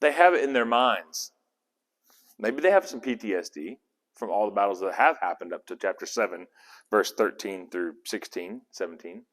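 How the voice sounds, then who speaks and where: A man's voice: fairly low pitch, animated, normal speed, a bit bright. A man teaching a casual Bible study in a conversational, rambling way, often correcting himself mid-sentence. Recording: long hall reverb.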